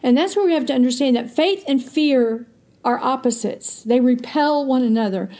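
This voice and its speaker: A woman's voice: sits high, normal speed, dark tone. A woman co-hosting a faith podcast, speaking in an earnest teaching tone and quoting scripture. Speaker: podcast co-host.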